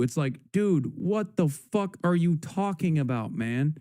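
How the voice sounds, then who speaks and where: A man's voice: a little high, expressive, a little slow, few pauses, mellow, no room sound, clean studio sound. A man hosting a live stream, ranting in a heated, profane, casual way. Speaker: livestream host.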